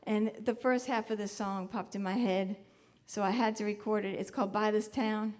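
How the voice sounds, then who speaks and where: A woman's voice: medium pitch, fairly even intonation, moderate pace, a little mellow. Chatty middle-aged woman from Massachusetts. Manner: chatty, rambling, self-mocking. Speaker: singer-songwriter. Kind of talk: onstage banter between songs. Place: live concert stage.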